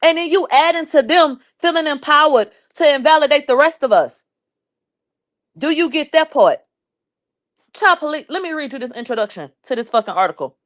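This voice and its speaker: A woman commentator reading a news article aloud on her channel, cursing and mocking it between lines in a loud, sarcastic manner. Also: sits high, lively intonation, moderate pace. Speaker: commentary YouTuber.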